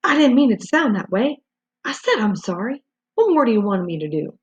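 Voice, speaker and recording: A woman doing a jumpy, excitable hunter man. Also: on the high side, brisk, slightly rough, heavily acted. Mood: apologetic. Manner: breathless, jumpy, apologetic. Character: excitable middle-aged male hunter, shaken. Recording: dull lo-fi recording.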